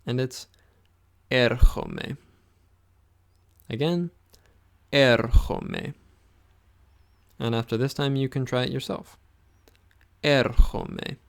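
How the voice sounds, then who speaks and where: A man teaching a pronunciation lesson, saying each word slowly and repeating it so the listener can follow along. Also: medium pitch, vocal fry, darkish tone. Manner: slow, patient, repeats words for the listener. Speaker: language teacher.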